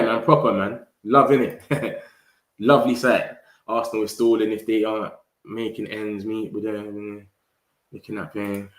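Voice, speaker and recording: A man hosting a fan live stream, reading comments in slangy, animated chat. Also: mid-range voice, reverberant. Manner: slangy, animated, hypes viewers. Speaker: fan channel host.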